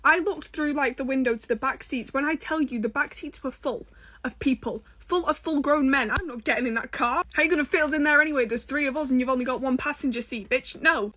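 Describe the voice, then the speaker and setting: A young woman with a British accent tells a storytime straight to her viewers. Her voice sits fairly high, and she talks with sass, swearing and dramatic asides. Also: fairly bright tone. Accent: British English. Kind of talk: casual storytime.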